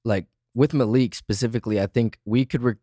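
A young podcast host chats casually and animatedly with a friend, laughing often and using lots of fillers. His mid-range voice is steady and dark in tone, fairly quick, with clean studio sound and no echo.

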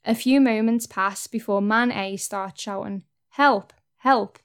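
Young woman vlogger, candid, earnest talk to camera, mid pitch, swears now and then. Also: fairly even intonation, a little slow, clean tone.

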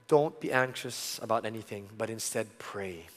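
A middle-aged man preaching a sermon, earnest, moving from loud emphasis to soft, intimate tones. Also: fairly low pitch, normal speed, hardly any pauses. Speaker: pastor. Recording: long hall reverb.

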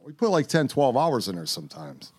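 A man's voice: mid-range voice, a little fast, slightly rough. Guy telling a wild story, voice all over the place, acts out the quotes. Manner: animated storyteller acting out quotes. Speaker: podcast guest. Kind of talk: casual storytelling.

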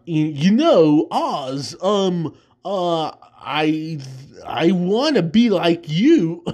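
A man doing a halting, offbeat film-star impression. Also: a little high, sing-song, a little mellow, heavily acted. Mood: deadpan.

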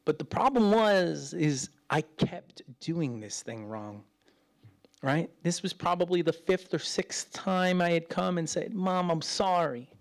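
A middle-aged man preaching as a pastor in a chatty way, acting out quoted voices and swinging between loud and hushed. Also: a little high, unhurried, creaky. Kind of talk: sermon.

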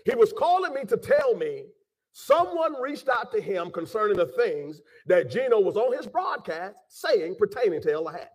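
A man preaching to his listeners with fervor. He repeats words and rises into shouts. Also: sits high, big pitch swings, moderate pace, husky, distant mic. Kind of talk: impassioned preaching address.

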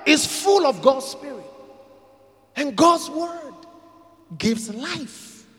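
Pastor, male, high and animated delivery, slow and deliberate, big dynamic swings from quiet to shouting, reverberant hall. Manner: dramatic swings from quiet to shouting, repeating lines for emphasis. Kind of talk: sermon.

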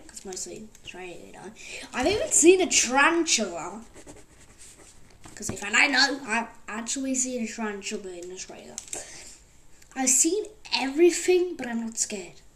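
High-voiced woman rambling casually. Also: a bit bright, a little hiss or hum. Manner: rambling, full of fillers like "like" and "actually". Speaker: podcast host.

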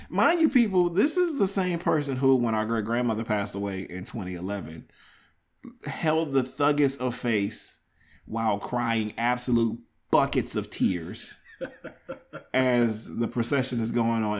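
A young man hosting a casual podcast chat, teasing his brother and telling lively family stories with plenty of laughter. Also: medium pitch. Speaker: podcast host.

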